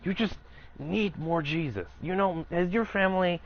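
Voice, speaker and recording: A man's voice: high voice, moderate pace, dull audio, faint music behind, voice pushed up. A man voicing an older female coworker who is religious, sweet but preachy, and brushes problems off with insistence. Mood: insistent.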